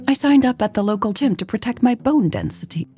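A woman's voice: on the high side, expressive, brisk, dark tone, soft background music, voice pushed up, natural voice. A woman voicing a cheerful, outspoken elderly grandmother who talks in a chirpy, blunt way.

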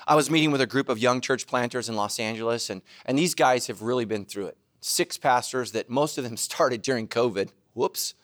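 Delivering a sermon, this middle-aged pastor jokes around, chuckles at his own expense, and bursts into loud shouts now and then. He has a mid-range voice with lively intonation and talks a little fast.

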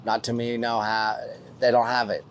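A man's voice: medium pitch, level tone, normal speed. A man with a West Texas accent hosting a podcast, chatting in a folksy, rambling way and thanking listeners for donations. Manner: folksy, rambling, uses lots of fillers. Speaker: podcast host. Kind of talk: casual podcast chat reading listener donations.

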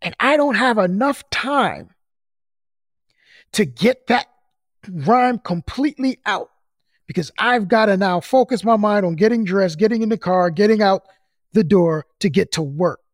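A man's voice: high voice, animated, no echo, studio quality. A man hosting a podcast, speaking in a reflective way and working through his ideas aloud in casual chat. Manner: slow, reflective, thinking out loud. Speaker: podcast host.

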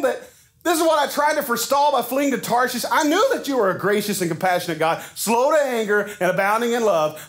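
A man's voice: very high-pitched, a bit bright, pitched above the performer's own voice, full character voice. A man acting out an angry, exasperated male prophet who is raising his voice at God during a sermon. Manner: raised, exasperated, snarky.

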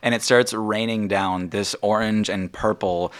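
A man's voice: fairly low pitch, steady tone, a little slow. A man narrating a tabletop game as game master, chatty and full of fillers.

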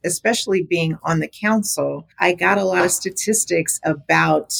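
A middle-aged woman, a podcast guest, telling a personal story in casual chat, animated, her voice jumping high when she quotes her own reactions. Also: normal speed, gravelly, husky. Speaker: podcast guest, small business advocate.

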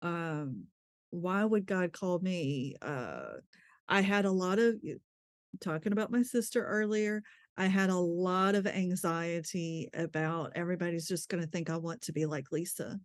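A woman's voice: on the low side, animated, moderate pace, no echo. A woman speaks as an interview guest, telling her story openly. She laughs easily and trails off to restart her thoughts. The recording is dry and close. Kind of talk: candid conversational storytelling.

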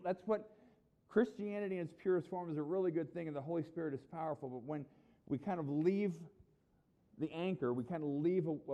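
Here a middle-aged pastor with a slightly high voice gives a sermon, chatting animatedly and voicing the people he quotes. The sound lacks its upper frequencies.

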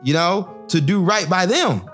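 Emphatic man, pitch leaping as he presses. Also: a little slow, soft background music. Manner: emphatic, lively pitch, keeps checking in with "right?" and "you know?". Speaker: former Marine officer in discussion. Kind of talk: impassioned conversational discussion.

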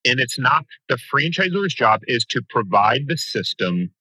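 A man talking as a guest in a podcast interview, coaching franchise owners with an energetic, emphatic motivational delivery. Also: medium pitch, normal speed, husky, no echo, poor audio.

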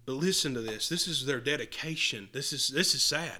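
A man's voice: mid-range voice, lively intonation, brisk, sharp tone. A man preaching an earnest sermon, reading scripture aloud and often restarting his words.

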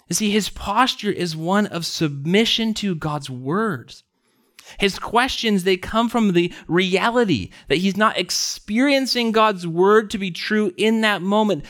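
A man's voice: sits high, a little slow, a bit bright. A man preaching a sermon, building earnest emphasis through repeated rhetorical questions.

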